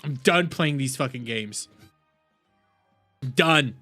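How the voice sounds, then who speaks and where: A man from the United States, a live streamer, ranting furiously, swearing often, shouting and repeating himself. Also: medium pitch, lively intonation, slow, slightly rough, soft background music. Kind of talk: angry live-stream rant.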